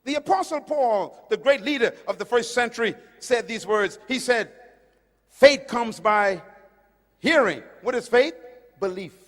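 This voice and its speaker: A man from the Caribbean with a high-set voice preaches a sermon in a big hall, and the long reverb trails after each phrase. He hammers his points loudly, then drops to a hushed, low tone, recorded in a large auditorium. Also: moderate pace. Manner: emphatic, swinging from loud to hushed.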